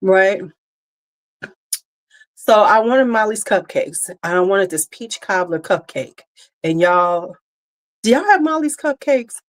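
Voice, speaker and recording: A woman hosting a casual birthday livestream, chatting with her viewers and greeting them by name in an animated, talkative way. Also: mid-range voice, takes it slowly, pauses often. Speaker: livestream host.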